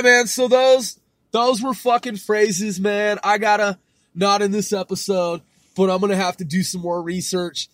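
A man in his thirties hosts a solo podcast in a high voice with no echo. He rambles in loose, profane slang and laughs at himself as he reads things aloud.

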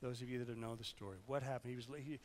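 A hoarse male pastor preaching a sermon, his voice carrying a long reverb through a church hall. He questions his congregation, swings between loud, urgent passages and quiet, hushed ones, and keeps a conversational pace at a medium pitch. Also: level tone, fast talker. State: hoarse, fighting sickness.

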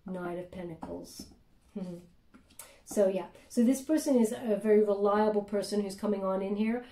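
Tarot reader, female, chatty and hesitant with lots of ums; voice mellow, mic distant. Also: medium pitch, fairly even intonation, moderate pace, reverberant, slight background noise. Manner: chatty, hesitant, many fillers, drops to soft murmured prayers. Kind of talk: tarot reading monologue.

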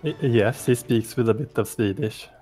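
A man's voice: mid-range voice, normal speed, dark tone, faint music behind. A man chatting casually with friends on a voice call before a tabletop game, explaining things thoughtfully. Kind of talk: casual chat over voice call.

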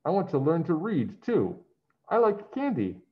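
Eager childlike moose voiced by a man, bouncy pitch, dull recording. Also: wildly swooping pitch, measured pace. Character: naive cheerful young male moose. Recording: dull lo-fi sound.

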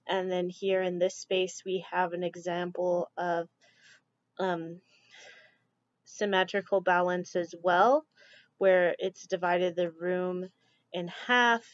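Woman teacher, lowish voice, casual lecture, recorded dull and dry. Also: no room sound. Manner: relaxed, chatty, frequent ums. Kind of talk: classroom slideshow lecture.

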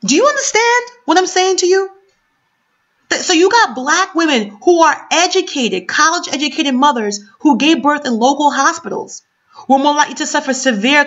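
A woman's voice: high-pitched, brisk, fairly bright tone. A woman from New York City reading a news article aloud on camera and breaking off into impassioned, emphatic commentary full of rhetorical questions. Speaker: commentary vlogger. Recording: dull lo-fi sound.

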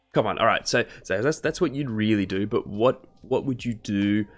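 A young man chatting casually with his live-stream chat while he studies medicine. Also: lowish voice. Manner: casual, chatty, laid-back slang.

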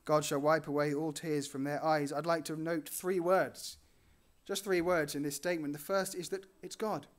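A male preacher with a fairly high voice delivers a sermon in an earnest way. He swells on important words and then sinks to quiet, low endings. His pitch sits above most men's. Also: fairly even intonation, moderate pace. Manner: earnest, rising on key phrases and dropping softly at line ends.

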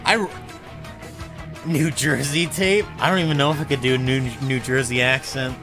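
A man's voice: medium pitch, fairly even intonation, normal speed, over music. A young man streaming a video game, rambling and joking with stammered restarts. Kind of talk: casual game commentary.

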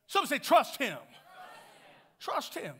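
A male pastor preaching a sermon in a call-and-response style, swinging from hushed lines to shouted ones. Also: very high voice, wildly swooping pitch, slow.

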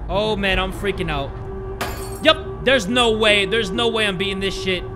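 A young man giving horror game commentary, excitable and swearing, talking to himself and yelping when startled. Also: sits high, moderate pace. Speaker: gaming YouTuber. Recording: game music loud behind voice.

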